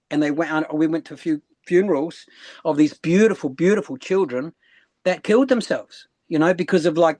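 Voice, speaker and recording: A man's voice: on the high side, dry recording. A man, a guest speaker, telling stories in a casual interview and acting out voices as he goes. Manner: animated, acts out voices, repeats phrases.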